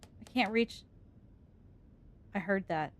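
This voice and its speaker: A woman's voice: medium pitch, slow pace. A woman streamer giving let's-play commentary on a horror game, jumpy and scared, swearing and laughing nervously.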